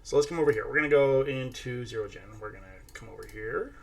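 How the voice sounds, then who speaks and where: Casual tutorial host, male, mid pitch, gravelly texture, chatty. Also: quick pace, a little hiss or hum. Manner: chatty, narrating each step while talking to a toddler. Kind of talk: casual screen-share tutorial.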